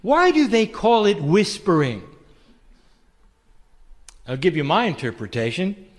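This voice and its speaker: A man delivers a channeled spiritual talk, his fairly high voice rising and falling in lively swoops. He speaks in a gentle, intimate, preacherly way and keeps asking the listener questions. A long hall reverb trails after his words. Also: unhurried.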